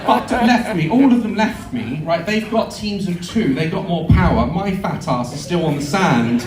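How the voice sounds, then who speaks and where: A man telling a comic story to a live audience, animated and sweary, acting out voices and screams. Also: high-pitched, moderate pace, slight background noise. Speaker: live show performer. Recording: echoey venue, heard from afar. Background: audience laughter.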